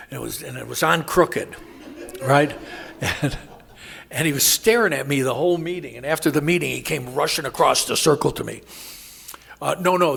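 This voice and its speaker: A man sharing his recovery story at a meeting, rambling and interrupting himself, laughing at his own jokes and acting out quoted voices loudly. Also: mid-range voice, creaky, husky. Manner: acts out quoted voices with sudden loud jumps. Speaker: AA speaker.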